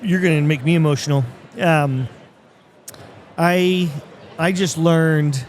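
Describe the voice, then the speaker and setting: A man's voice: a little high, steady tone, slow, slight background noise. A man hosting a podcast in casual chat, reflective and affirming with his guest. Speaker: podcast host.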